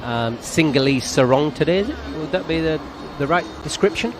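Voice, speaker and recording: A man's voice: a little high, animated, a little fast. A man with a Northern English accent giving cricket co-commentary with dry, teasing humour. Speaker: radio cricket pundit. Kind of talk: expert co-commentary.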